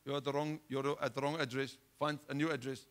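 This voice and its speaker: A male pastor preaching a sermon, driving his points home with rhetorical questions and swinging between loud outbursts and hushed lines. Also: medium pitch, flat delivery, a little fast.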